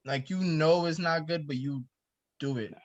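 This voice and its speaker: A man's voice: on the high side, moderate pace, dull audio. A young adult man on a podcast, thinking aloud and questioning others in casual chat. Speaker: podcast co-host.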